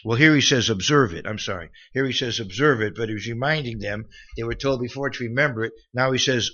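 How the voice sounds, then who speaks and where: Male preacher, casual Bible-study delivery, bright voice, mid pitch. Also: fast, hardly any pauses, highs cut off. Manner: conversational, many restarts and asides. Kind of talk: Bible teaching sermon.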